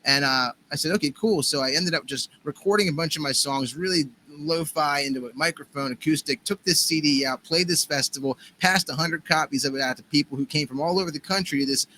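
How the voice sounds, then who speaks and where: A man's voice: a little high, brisk, hardly any pauses, pushed and bright, slight background noise. An American man, a guest musician, telling stories in casual podcast talk with many fillers and restarts. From United States. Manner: rambling, full of fillers and restarts.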